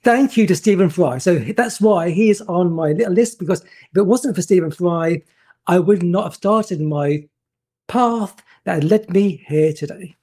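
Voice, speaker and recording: Mellow husky man telling stories. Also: sits high, measured pace. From England. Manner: animated, stumbles and repeats words, acts out voices. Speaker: guest photographer. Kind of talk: anecdotal storytelling.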